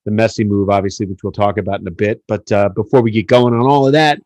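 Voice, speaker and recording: A middle-aged man from the United States hosting a casual podcast, telling stories in an animated, joking way with plenty of fillers. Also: fairly low pitch, fast, dry recording. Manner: animated storyteller, jokey, many fillers. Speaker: podcast host.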